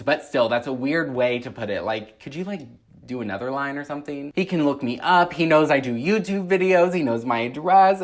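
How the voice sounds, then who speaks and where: A young man vlogging a storytime from his apartment, rambling anxiously with lots of "like"s. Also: medium pitch. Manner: anxious, rambling retelling with many "like"s. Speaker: YouTuber. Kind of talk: casual storytime.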